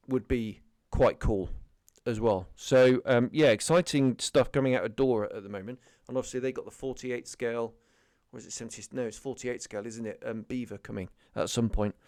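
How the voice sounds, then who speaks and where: A man's voice: mid-range voice, dry recording, studio quality. A middle-aged man hosting a hobby channel, giving a casual news update full of ums, restarts and self-corrections. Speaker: scale modelling channel host.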